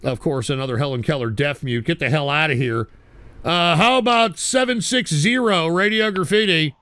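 A man's voice: on the high side, moderate pace, sharp tone, dry recording. A man hosting a call-in show, ranting at callers with profane, insulting mockery. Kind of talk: abrasive call-in radio rant.

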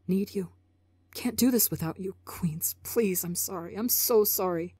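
A woman voicing a desperate young man who pleads, sometimes dropping to a hushed whisper. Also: medium pitch, moderate pace, husky, dry recording, lightly acted. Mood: pleading. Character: desperate young man searching for his friend.

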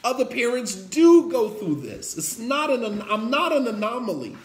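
A man's voice: extremely high pitch, very animated, moderate pace. A man preaching a sermon, emphatic and repetitive, who acts out the quotes in his stories. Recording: roomy echo.

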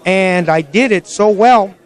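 A man being interviewed as a guest, a film director telling lively stories about his career. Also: sits high. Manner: animated storyteller, quick to laugh. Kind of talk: casual interview.

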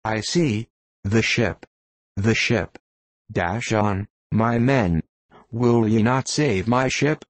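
A man's voice: fairly low pitch, slow, no echo. A man doing a commanding old sea captain. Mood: desperate. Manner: raised, declamatory outcries. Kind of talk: audiobook reading.

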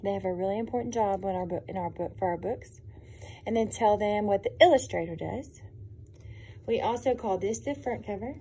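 A woman, a preschool teacher, reading a picture book aloud to young children in a gentle, encouraging, expressive way. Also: mid-range voice, fairly quick, a little hiss or hum.

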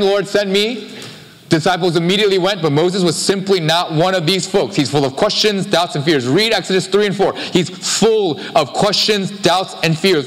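Animated pastor preaching in a reverberant hall. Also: male voice, on the high side. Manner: conversational, animated preaching with quick asides. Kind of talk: sermon. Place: church sanctuary. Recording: live-streamed sermon with long hall reverb.

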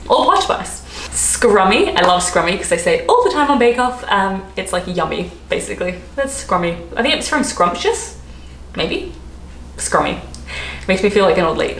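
A woman's voice: on the low side, fairly bright tone. An Australian woman vlogger who chats in a rambling, giggly way as she explains slang. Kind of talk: casual explainer vlog. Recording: roomy echo, faint background noise.

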